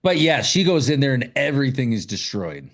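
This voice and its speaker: A man in the middle of a loose podcast chat, running through a film's plot with plenty of cursing. He jumps into quoted voices of the characters as he goes, in a voice of ordinary pitch for a man. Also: brisk. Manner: profane, animated retelling with quoted voices. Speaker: podcast co-host. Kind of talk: casual movie recap chat.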